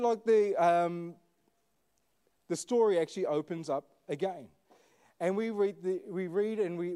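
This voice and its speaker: A man delivers a relaxed, conversational sermon to his church. His voice sits a touch high yet sounds soft and mellow. He keeps it chatty, with many fillers, and puts questions to the congregation. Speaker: pastor. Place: church service.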